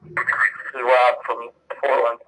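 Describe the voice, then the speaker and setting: A man's voice: medium pitch, monotone, unhurried, fairly bright tone. A man calling in to a talk show by phone, checking he can be heard. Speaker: caller. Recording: tinny phone line with feedback.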